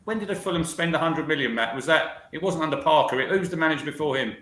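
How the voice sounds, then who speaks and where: A man's voice: on the high side, fast, fairly bright tone, roomy sound. A man co-hosting a casual football podcast, teasing and full of banter. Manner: teasing, banter-heavy, asks questions. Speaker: podcast co-host.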